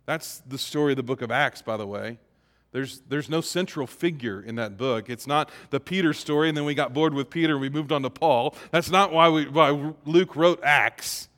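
A pastor giving a sermon in a conversational way that builds to emphatic peaks. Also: male voice, fairly high pitch, normal speed, fairly bright tone, big-room sound.

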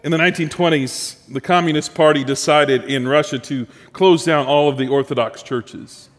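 A man preaching to his congregation with a fairly high voice that rises when he presses a point and falls quiet as he lands it. His voice rings out with the long reverb of a big church hall. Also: fairly even intonation, moderate pace. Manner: storytelling preacher, building emphasis then dropping soft. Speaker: pastor. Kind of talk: sermon.

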